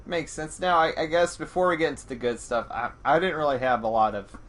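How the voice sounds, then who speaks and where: A man hosting a casual podcast chat, rambling with many restarts and getting excitable. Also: on the high side, brisk. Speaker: podcast host.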